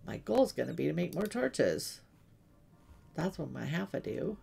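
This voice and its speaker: A woman's voice: sits low, very animated, measured pace, gravelly, dark tone, husky. A middle-aged woman streaming a game, chatting and telling stories between asides to the game. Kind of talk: casual gaming livestream chat.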